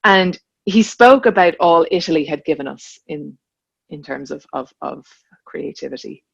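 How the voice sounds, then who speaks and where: A woman's voice: sits low, expressive, normal speed, creaky, slightly rough, no echo, muffled recording. An Irish woman, an actor, talking as a podcast guest, reflective and searching for her words. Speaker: guest, actor and voiceover artist. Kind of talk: casual interview chat.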